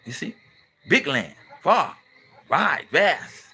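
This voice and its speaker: A man's voice: fairly high pitch, sing-song, slow pace, sharp tone, husky. A middle-aged man from California, hosting his channel with a casual, blunt and emphatic opinionated monologue. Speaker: channel host and commentator.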